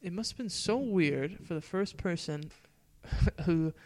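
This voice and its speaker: A young man muses aloud on a relaxed podcast, unhurried and quick to laugh. His voice sits a little high for a man. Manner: laid-back, laughs easily, muses aloud. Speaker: podcast co-host. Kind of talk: casual chat.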